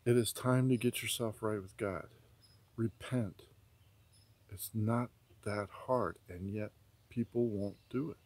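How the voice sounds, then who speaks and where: A man's voice: on the low side, slow pace, darkish tone. A man earnestly recounting a prophetic dream in vivid detail, ending in an urgent, preaching warning. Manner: vivid storytelling with many repetitions. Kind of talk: earnest spoken testimony.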